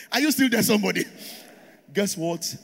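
Animated Nigerian pastor, high and lively. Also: male voice, measured pace, vocal fry. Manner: animated preaching with call-and-response to the congregation. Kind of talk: sermon. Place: large church auditorium. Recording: long hall reverb.

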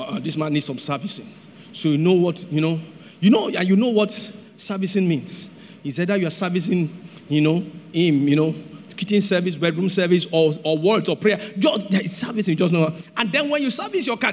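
Male pastor, high-pitched, husky, sing-song shouting sermon, long church-hall reverb. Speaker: pastor preaching on marriage.

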